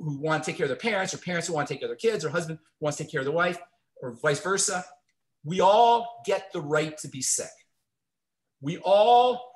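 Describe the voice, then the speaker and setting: A man hosting a radio health show, giving earnest, encouraging advice to callers in a Q&A. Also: fairly high pitch.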